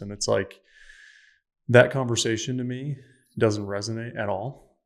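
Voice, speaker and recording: Man, gravelly voice, flat, earnest storytelling, emphatic. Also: lowish voice, a little slow, pauses often. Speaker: podcast guest, startup founder. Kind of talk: personal storytelling.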